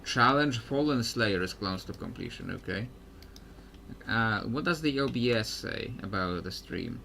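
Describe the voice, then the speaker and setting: A man's voice: fairly low pitch, expressive, a little slow, creaky, pushed and bright, a little hiss or hum. A man streaming a video game, rambling in casual commentary with many fillers and restarts.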